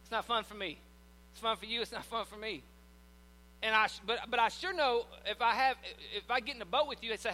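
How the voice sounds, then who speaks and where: A man with a high, ringing voice preaches in a drawl, folksy and full of jokes. His sermon carries a long echo through a church hall, with a low mains hum underneath. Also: a little fast, pushed and bright. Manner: folksy, joking, conversational preaching. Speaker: pastor.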